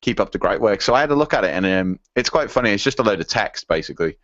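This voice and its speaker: Low-voiced rambling podcast co-host man. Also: expressive, racing, fairly bright tone, no room sound, lo-fi sound. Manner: rambling, lots of fillers and laughs. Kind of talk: casual chat, reading listener emails.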